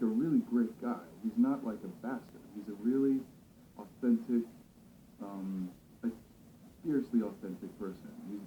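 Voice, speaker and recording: A male actor talking about his role in a casual interview, thoughtful and relaxed, with many fillers and restarts. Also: fairly low pitch, a little hiss or hum. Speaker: actor discussing his character. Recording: slightly dull, roomy recording.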